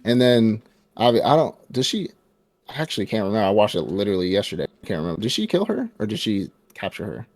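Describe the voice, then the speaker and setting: A low-pitched man in a relaxed podcast chat, breaking down a film scene with energy and frequent laughter. He slips into playful impressions of the characters as he goes. The sound is close and dry. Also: fast, no room sound. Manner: animated retelling, acts out characters' lines, laughs often. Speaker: podcast co-host. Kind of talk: casual movie review chat.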